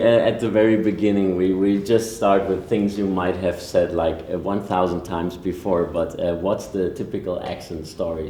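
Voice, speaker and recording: A man's voice: low-pitched, mellow. A man hosting a podcast interview, hesitant and full of fillers. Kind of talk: casual interview. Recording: echoey room, faint background noise.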